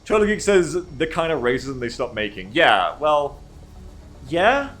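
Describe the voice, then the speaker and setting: A man's voice: fairly high pitch, sing-song, a little slow, a bit bright, soft background music. A man streaming live and chatting casually. He reads chat aloud, rambles, and swears freely.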